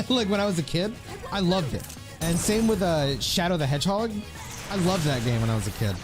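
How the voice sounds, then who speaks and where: This young man from the Philippines has a high-sitting voice with lively intonation and a brisk delivery. Streaming a game with music in the background, he chats casually and rambles to viewers, laughing a lot and using many fillers.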